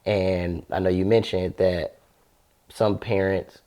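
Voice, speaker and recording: Low-voiced man hosting an interview. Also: flat delivery, slow, warm tone. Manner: supportive, frequent affirming backchannels. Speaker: podcast host. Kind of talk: conversational interview.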